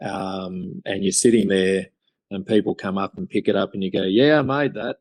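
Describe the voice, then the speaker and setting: A man's voice: deep voice, level tone, normal speed, darkish tone, slightly rough, no room sound, poor audio. An Australian man, a craftsman guest on a podcast, telling stories in an enthusiastic, rambling way. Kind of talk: casual interview chat.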